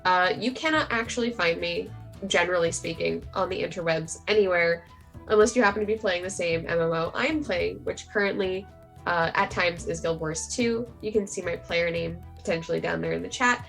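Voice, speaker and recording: A woman's voice: on the low side, a little fast, vocal fry, a bit bright, soft background music. Chatty woman rambling on a stream. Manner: chatty and rambling, with many fillers. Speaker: tabletop game player. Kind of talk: casual chat on a live stream.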